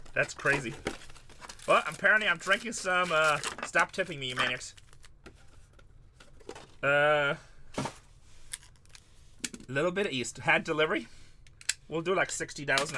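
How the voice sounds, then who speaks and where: Bright, tired-sounding man chatting to his stream. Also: fairly high pitch, a little hiss or hum. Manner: loose, joking, talks back to chat. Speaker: card break host. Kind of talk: casual livestream chat to viewers.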